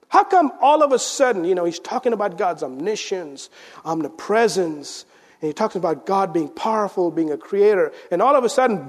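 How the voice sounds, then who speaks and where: A man preaching a sermon as pastor, swinging between loud emphasis and hushed, intense lines. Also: high-pitched, expressive, normal speed. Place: church sanctuary. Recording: church sanctuary with long reverb.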